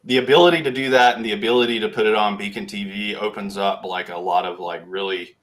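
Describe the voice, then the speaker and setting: A man's voice: on the low side, fairly even intonation, quick pace, fairly bright tone. A man chatting casually on a podcast, laid-back and laughing often. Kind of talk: casual chat.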